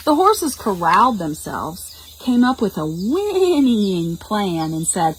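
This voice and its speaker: Storytime reader: woman, lively and unhurried, faint room hiss. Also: medium pitch, low-quality recording. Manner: animated, slow and expressive, explains words to children. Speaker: children's librarian reading a picture book. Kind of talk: storytime read-aloud for preschoolers. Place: public library.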